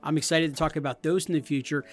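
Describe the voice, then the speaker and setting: A man in his thirties, a podcast co-host, chatting casually and acting out game moments with loud outbursts. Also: fast talker. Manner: animated, acts out game moments in loud high voices. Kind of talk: casual chat.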